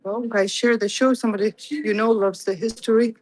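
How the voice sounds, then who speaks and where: A woman's voice: a little high, fairly even intonation, fairly quick, darkish tone, rough recording. A woman, out of breath, giving a casual livestream tour of a museum inside an old fort and reading exhibit labels aloud while she walks, talking into a handheld phone. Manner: chatty, reads exhibit labels aloud to viewers. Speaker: livestream host.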